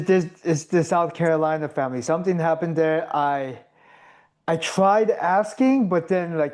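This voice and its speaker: Slightly high-voiced man hosting a podcast. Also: darkish tone. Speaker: podcast host. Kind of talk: casual podcast conversation.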